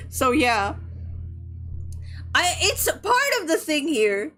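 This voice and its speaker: A woman's voice: high-pitched, very animated, slow pace, long pauses, sharp tone. A young woman from the Philippines chatting casually about a book, rambling with lots of fillers and laughter. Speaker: streamer.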